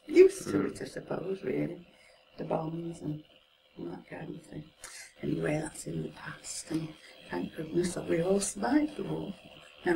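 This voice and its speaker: A woman's voice: lowish voice, creaky. A woman in her seventies with a Mancunian accent, chatting and reminiscing with frequent laughs. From Manchester, England. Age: 70s. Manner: chatty, laughs often, trails off softly. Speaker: interviewee recalling her life. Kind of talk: casual reminiscing. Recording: distant mic, hissy home recording.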